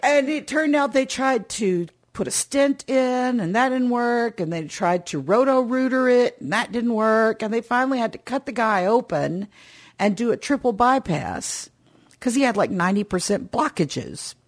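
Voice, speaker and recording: A woman's voice: fairly high pitch, moderate pace. A woman chatting casually with a friend, telling stories in a playful way. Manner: lively storyteller, playful quoting. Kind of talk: casual chat.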